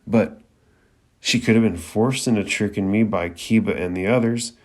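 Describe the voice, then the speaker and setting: A man with a fairly low voice, reading the frantic inner thoughts of a panicky teenage boy ninja. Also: moderate pace, lightly acted. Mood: worried.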